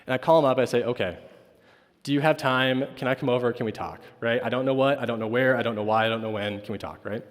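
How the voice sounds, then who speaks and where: A man's voice: mid-range voice, fast talker. A man, a campus pastor, telling a personal story at chapel in a casual way, often asking "right?" and acting out what others said. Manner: storytelling with frequent "right?" asides; acts out quoted dialogue. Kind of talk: informal chapel talk. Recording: long hall reverb.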